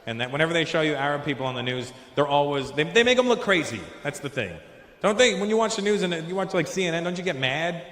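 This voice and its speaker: A man's voice: fairly high pitch, expressive, quick pace, fairly bright tone. A man doing a stand-up routine on a handheld mic before a live crowd, chatting with the audience and slipping into silly voices. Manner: chats with the crowd, jumps into silly put-on voices. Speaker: stand-up comedian. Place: large comedy venue with a live audience. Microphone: handheld stage mic. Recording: roomy hall, long reverb.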